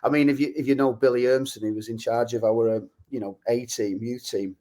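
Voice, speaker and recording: A man, a guest on a podcast chatting about his football youth in a rambling, halting way. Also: mid-range voice, fairly even intonation, mellow. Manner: rambling, halting storyteller with many restarts. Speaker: guest, former youth player and musician. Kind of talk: casual chat.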